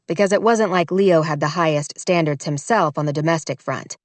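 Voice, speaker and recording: A woman narrating a romance audiobook in a measured, wry storytelling manner. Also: on the low side, dry recording.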